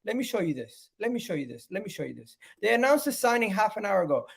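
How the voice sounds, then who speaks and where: A man's voice: sits high, big pitch swings, fast talker, gravelly, slightly rough. Exasperated man ranting on a live stream. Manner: exasperated, repeats phrases over and over; swings between loud outbursts and muttering. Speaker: fan channel host. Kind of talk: live-stream football fan rant.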